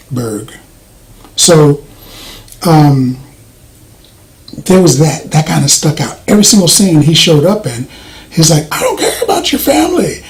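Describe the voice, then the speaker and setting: A soft-spoken man giving a casual movie review, rambling with frequent fillers and restarts. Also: on the high side, rough recording. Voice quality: voice does not carry, soft-spoken.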